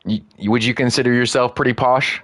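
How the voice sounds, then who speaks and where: A man's voice: mid-range voice, steady tone, a little fast, fairly bright tone, dry recording, faint music behind. A man streaming a game, chatting loosely and rambling with lots of filler words. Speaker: gaming streamer. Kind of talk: casual live-stream commentary.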